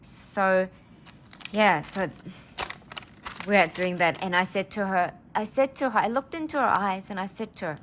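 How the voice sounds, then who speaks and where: A woman's voice: medium pitch, normal speed, long pauses, fairly bright tone, a little hiss or hum. A woman, telling a personal story in a casual vlog, earnest and rambling as she gets emotional. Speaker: vlogger.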